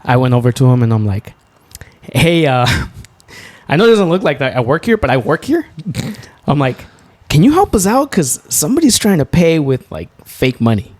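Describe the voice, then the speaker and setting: A young man co-hosting a podcast, telling a story in a loose, profane way and jumping up high when he gets excited. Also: normal speed, dry recording. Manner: animated, profane, swings to high laughing exclaims. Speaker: podcast co-host. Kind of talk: storytelling in casual chat.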